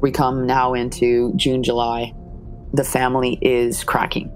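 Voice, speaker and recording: A woman's voice: extremely low pitch, completely flat delivery, unhurried, soft background music. A woman, a mother, giving an earnest, emotional account of her family's story. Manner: earnest, retelling scenes with quoted dialogue.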